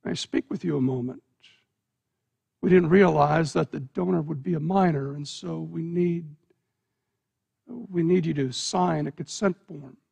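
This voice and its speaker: A preacher putting on a gray-haired old doctor with a soft, grave and gravelly voice. He speaks slowly and apologetically, hushed and low, as if breaking terrible news to a family. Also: full character voice.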